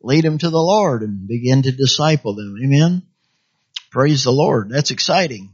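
A pastor with a medium-pitched, expressive voice that has a breathy edge preaches at normal speed, exhorting his listeners and calling out "amen" and "hallelujah." He often acts out what people might say. The recording has a dull, lo-fi sound.

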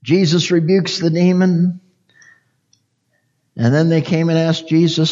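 High-voiced preacher man, unhurried and fervent. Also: little pitch movement, lo-fi sound. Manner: preaching, swells into loud impassioned pleading prayer. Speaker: pastor. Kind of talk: sermon.

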